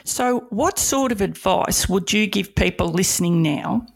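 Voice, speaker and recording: Husky, gravelly woman host. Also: mid-range voice, animated, unhurried. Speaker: podcast host. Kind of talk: casual interview.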